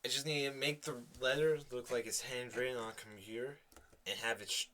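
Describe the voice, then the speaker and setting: A man's voice: mid-range voice, steady tone, brisk, bright, forceful tone, slight background noise. A young man co-hosting a casual podcast chat, teasing and jokey. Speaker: podcast co-host.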